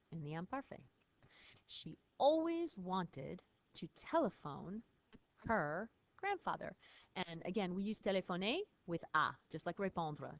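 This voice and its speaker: In a recorded lesson, a female teacher patiently explains French phrases and spells words out letter by letter. Her voice sits fairly low, with no echo.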